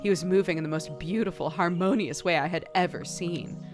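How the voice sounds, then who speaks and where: A young woman with a low voice reads a story game's narration aloud. Now and then she breaks off for playful, laughing side comments, with faint music under her voice. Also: a little fast. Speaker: streamer.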